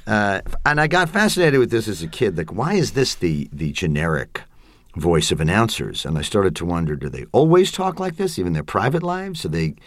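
A man answering interview questions in the put-on voice of a generic 1970s baseball announcer, with a smooth, booming broadcaster delivery. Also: sing-song, normal speed, no echo. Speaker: guest.

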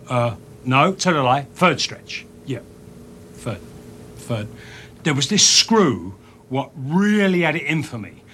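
A hard-bitten ex-convict with a thick Cockney accent, talking slow and menacing in street slang. The voice sits a touch high, and a faint ambient hiss runs under it. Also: male voice, a bit bright. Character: tough ex-con man, thick Cockney put-on. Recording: film clip with faint ambience.

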